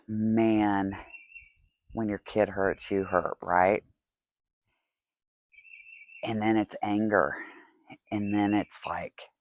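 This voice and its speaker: A woman podcast host talks slowly with long pauses, her bass voice fairly even in intonation and recorded without echo. Candid and tearful, she delivers a confessional monologue, repeatedly asking a rhetorical "right?"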